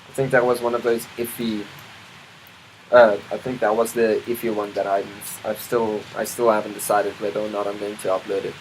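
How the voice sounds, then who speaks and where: A man's voice: fairly low pitch, level tone, a little fast, a little hiss or hum, poor audio. A man vlogging in a casual, rambling monologue, full of ums, restarts and side remarks. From South Africa. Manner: rambling, self-interrupting, many ums and restarts; chatty, asides to the weather.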